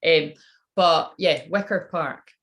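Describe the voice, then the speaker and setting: A woman's voice: low-pitched, takes it slowly, fairly bright tone. A woman giving a psychic reading in a casual, rambling monologue. She swears freely and laughs at her own jokes. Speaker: psychic reader channeling messages.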